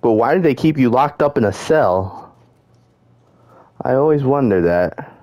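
A man's voice: medium pitch, lively intonation, a little slow, a little mellow, no room sound, lo-fi sound. A man playing a video game and commenting casually, swearing and joking as he reacts. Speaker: gaming streamer. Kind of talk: let's play commentary.

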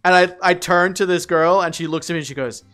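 A man's voice: high-pitched, fairly even intonation, quick pace, a bit bright, faint music behind. A man chatting casually on a livestream, rambling, swearing and laughing often.

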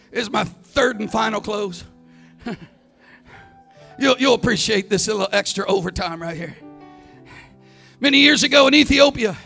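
A man preaching a Pentecostal sermon as a visiting evangelist, telling stories and rising into shouted climaxes. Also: extremely high pitch, gravelly. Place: church sanctuary. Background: soft organ music.

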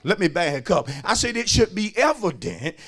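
High, lively man. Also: normal speed. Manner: call-and-response preaching, swinging between shouts and hushed lines; repeats words and phrases for emphasis. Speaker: pastor. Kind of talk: sermon.

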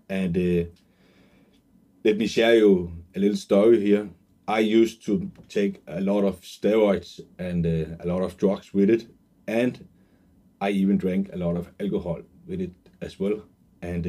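A man in his twenties telling an earnest, emotional personal story as a sales pitch, with many fillers and restarts. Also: mellow. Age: 20s. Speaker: online marketer pitching a course.

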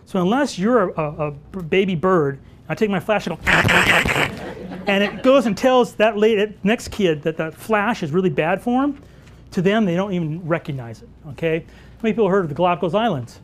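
A man teaching wildlife photography at a live workshop, telling stories and answering audience questions in an animated way. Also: high voice, fairly quick, background noise. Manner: animated storyteller who acts out dialogue.

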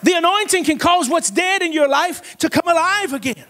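A man with a strikingly high voice preaches a revival sermon in a church. He is fervent, calls on the congregation to answer back, and often climbs into shouts. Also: lively intonation, moderate pace, slight background noise. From Cincinnati area. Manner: fervent, call-and-response preaching, rising to shouts. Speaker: evangelist preacher. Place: church sanctuary.

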